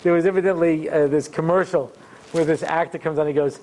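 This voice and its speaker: A man giving a rabbi's Torah lecture, telling stories with humor and animated asides. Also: on the high side, quick pace, slight background noise. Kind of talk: storytelling lecture.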